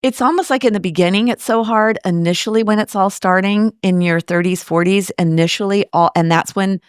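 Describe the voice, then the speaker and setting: A woman's voice: mid-range voice, brisk, clear, resonant tone, no room sound, clean studio sound. A woman in her late fifties from the United States, chatting animatedly as an interview guest and telling stories with rhetorical asides. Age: 50s. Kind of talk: casual interview conversation.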